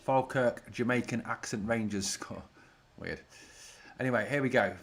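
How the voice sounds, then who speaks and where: A man hosting a fan watch-along stream, chatty and casual as he talks through the game. He reads out comments from viewers and gets excited whenever his side goes forward, his voice pitched in a plain middle range. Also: normal speed, vocal fry. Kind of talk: casual live match commentary.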